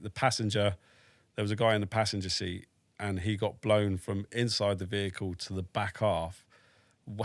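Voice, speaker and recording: Frank, low-voiced British army veteran. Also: male voice, dry recording. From United Kingdom. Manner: frank and matter-of-fact, swears, dry humour. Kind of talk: casual storytelling in a podcast interview.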